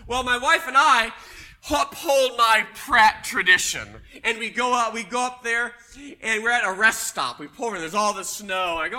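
A man preaching a sermon, telling a personal story with emphatic, loud punches. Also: high voice, normal speed. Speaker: pastor.

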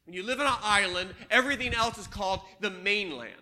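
An older man preaching a sermon, swinging between loud emphatic lines and hushed ones. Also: sits high, fast. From Washington State. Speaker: pastor.

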